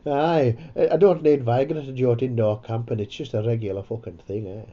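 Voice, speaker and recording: A man's voice: mid-range voice, fairly even intonation, brisk, mellow, dull audio. A man hosting a comedy podcast, rambling, sweary and self-mocking. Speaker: podcast host. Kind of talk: casual comedy chat.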